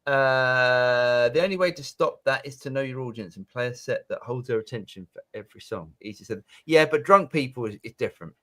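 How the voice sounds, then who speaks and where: Male host, mid pitch, rambling and self-interrupting, casual chat. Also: brisk, hardly any pauses, fairly bright tone. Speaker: host reading viewer questions.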